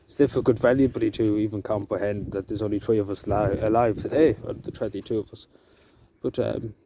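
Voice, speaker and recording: A man talking to camera outdoors in the countryside, halting and emotional, with many fillers and restarts. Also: on the low side, fairly even intonation. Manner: soft-spoken and emotional. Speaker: vlogger. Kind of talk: emotional outdoor vlog talk. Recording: outdoor noise in the background.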